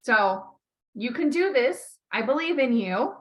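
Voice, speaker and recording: Bright, emphatic woman coaching bluntly. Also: fairly high pitch, lively intonation, unhurried. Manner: blunt, emphatic, swears often; encouraging, repeats key phrases. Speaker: life coach. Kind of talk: coaching call.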